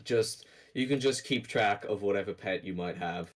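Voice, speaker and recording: A man acting as game master on an online call, relaxed and teasing, rambling through rules. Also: fairly low pitch, moderate pace. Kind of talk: casual online tabletop session chat.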